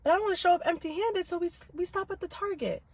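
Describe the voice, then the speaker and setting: A woman doing a breezy young man on a first date, pitched high and quick, agreeing easily. The voice sits right up against a dry, close mic. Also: no echo. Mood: agreeable.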